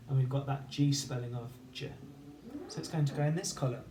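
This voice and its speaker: A man teaching children phonics, slowly sounding out letters and syllables one at a time in a clear, patient way. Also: medium pitch, dark tone, slight background noise. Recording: echoey room with faint ambience.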